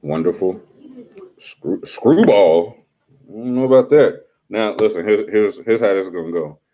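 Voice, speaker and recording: A man's voice: fairly low pitch, brisk, warm tone. A young adult man hosting a casual live stream, teasing and talking straight to his chat in slangy speech.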